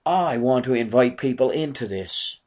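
An earnest man preaches a sermon. His voice sits at an ordinary middle pitch. He keeps asking his listeners rhetorical questions. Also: animated, normal speed, darkish tone.

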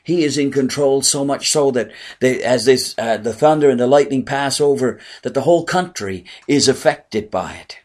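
A man delivers a sermon with a husky, breathy edge to his voice. He speaks with earnest conviction, lifting on key words and sinking to a near whisper on others. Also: mid-range voice, moderate pace, few pauses, darkish tone. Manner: earnest preaching, swelling and dropping to near whispers. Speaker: pastor.

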